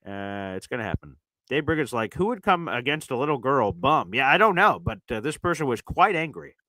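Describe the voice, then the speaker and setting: Man, sports stream host, lively pitch, bright tone, dry close sound, chatty with fillers. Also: brisk, dry recording, rough recording. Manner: loose, chatty, many fillers, shifts from loud to muttering. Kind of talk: casual live-stream chat reading super chats.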